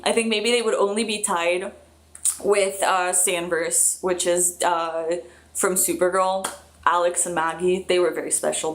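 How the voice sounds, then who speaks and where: A young woman with a fairly low voice talks casually on her live stream, reading viewer comments aloud. Her manner is gabby and eager, dotted with fillers and brief laughs.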